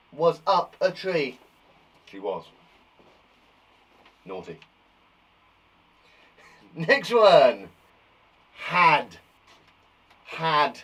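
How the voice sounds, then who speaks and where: Animated man teaching spelling. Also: a little high. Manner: cheerful, encouraging, slow and clear dictation of words. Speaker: primary school teacher. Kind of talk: live spelling lesson for young children. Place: garden shed.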